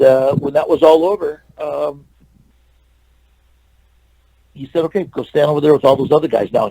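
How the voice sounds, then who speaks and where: A man's voice: medium pitch, vocal fry, background noise. A man in his sixties from California, an interview guest telling a long anecdote and acting out the dialogue, with many fillers and restarts. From California, USA.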